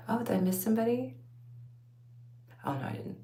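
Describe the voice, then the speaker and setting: This vlogger, a woman with a Texas accent, talks to her viewers while removing her braids at home late at night beneath a bright light. She rambles, laughs frequently and addresses them as y'all. Her voice sits on the high side, brisk, very animated and warm, with a roomy sound and slight background noise.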